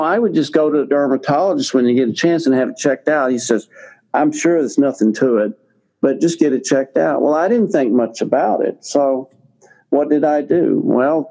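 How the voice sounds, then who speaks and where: Mellow-voiced older man telling a story. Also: mid-range voice, gravelly, low-quality recording. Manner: rambling, halting, many fillers and restarts. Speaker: guest telling his health story. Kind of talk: casual storytelling.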